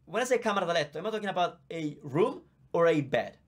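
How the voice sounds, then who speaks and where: A man's voice: a little high, lively intonation, fast talker. A man with an Italian accent, a native Italian teacher giving a live online Q&A lesson, explaining patiently and chatting as he reads out viewer comments on a visible microphone. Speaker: language teacher.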